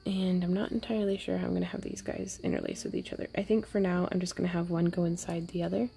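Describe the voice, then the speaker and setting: A woman hosting a wire-wrapping jewelry tutorial, thinking aloud casually as she works, with playful little sound effects and soft asides. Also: on the low side, little pitch movement, fast, gravelly, a little hiss or hum. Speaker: jewelry-making tutorial host. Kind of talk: casual crafting tutorial narration.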